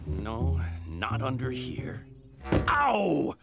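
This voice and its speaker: Grumpy papa bear, gravelly, very slow, big swings in pitch. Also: wildly swooping pitch, over loud music, full character voice. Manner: grumbling, flustered. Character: grumpy fatherly bear, middle-aged.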